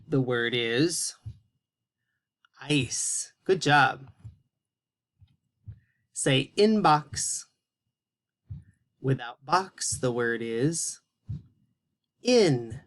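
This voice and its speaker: A male teacher giving a phonics lesson to young children, speaking slowly and encouragingly and spelling out each word with care. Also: mid-range voice, expressive, a bit bright. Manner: slow, encouraging, carefully spelled-out words for young kids.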